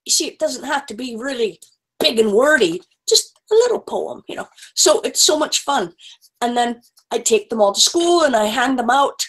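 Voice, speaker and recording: A woman with a slightly high voice tells stories to children over a video call. She is playful and animated, and she throws in animal sounds as she goes. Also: normal speed, low-quality recording. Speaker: children's storyteller.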